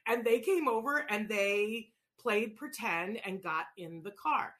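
A woman's voice: medium pitch, measured pace, hardly any pauses. A middle-aged woman telling stories casually, acting out voices as she talks about play and children on the autism spectrum. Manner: animated, acts out voices in anecdotes. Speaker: parent educator on autism. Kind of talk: casual storytelling talk.

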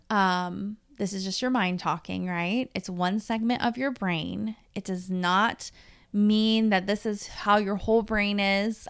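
Woman podcast host, thirties, raw and candid, curses a lot, slight fry, smooth voice. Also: medium pitch, a bit bright. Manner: frank and emotional, swears freely, talks to listeners directly. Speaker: podcast host and life coach. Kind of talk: candid personal podcast monologue.

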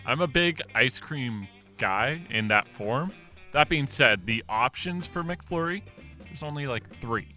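A man's voice: medium pitch, animated, a little slow, sharp tone, faint music behind. A man, the producer of a sports radio show, chiming into casual banter in an easygoing way. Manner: easygoing, chuckles mid-sentence. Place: radio studio.

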